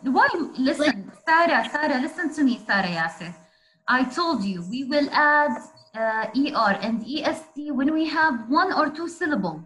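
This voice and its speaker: A woman's voice: high-pitched, expressive, moderate pace, fairly bright tone, rough recording. A woman teaches a grammar class over a video call. She walks through each rule patiently, step by step. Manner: patient, explains rules step by step. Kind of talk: online grammar lesson.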